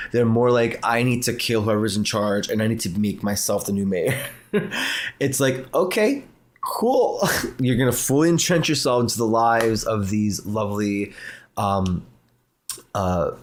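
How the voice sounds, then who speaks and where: A man who runs tabletop games, explaining his approach in casual livestream chat with enthusiasm. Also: fairly low pitch. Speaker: tabletop game master.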